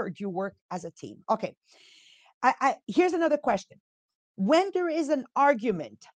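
A woman's voice: medium pitch, a little mellow, dry recording. A woman in her fifties from Montreal with an English accent that carries Italian and French traces, hosting a casual motivational podcast in a chatty, emphatic way and asking the audience questions. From Montreal, Quebec. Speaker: podcast host and entrepreneur.

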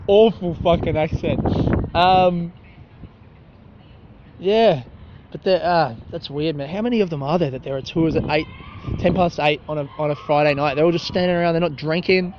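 A man's voice: a little high, a little slow, long pauses. Profane young man rambling into a phone. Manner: profane, self-mocking, laughs at his own jokes. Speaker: podcast host. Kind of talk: rambling solo podcast recorded on the street. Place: city street outdoors at night. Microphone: phone held while talking. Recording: dull phone recording with street noise. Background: faint traffic and passers-by.

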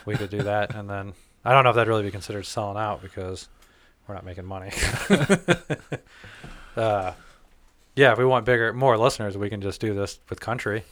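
A man's voice: fairly low pitch, fairly even intonation, fairly quick, fairly bright tone, no room sound. A man hosting a podcast in casual chat, laid-back and swearing freely. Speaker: podcast host.

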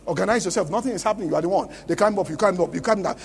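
A man's voice: high voice, very fast, vocal fry, darkish tone, in a large hall, slight background noise. A Nigerian man preaching a sermon as pastor at a church conference, emphatic and often asking the congregation questions. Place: large church conference hall.

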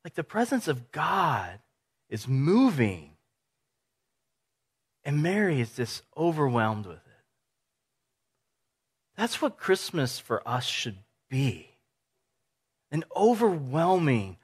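Animated higher-voiced male preacher. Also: takes it slowly, long pauses, breathy edge. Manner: animated, conversational, acts out scenes. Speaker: pastor. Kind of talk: sermon.

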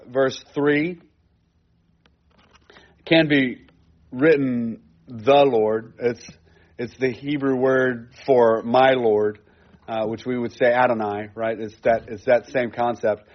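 A man's voice: mid-range voice, lo-fi sound. A man teaching a sermon in a conversational way, repeating phrases for emphasis. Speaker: pastor. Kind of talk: expository sermon.

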